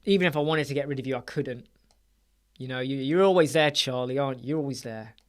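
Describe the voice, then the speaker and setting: A man's voice: medium pitch, fast. A man in his forties hosting a casual live chat, rambling and joking, often breaking off mid-thought. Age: 40s. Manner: rambling, jokey, self-interrupting. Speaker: web design livestream host.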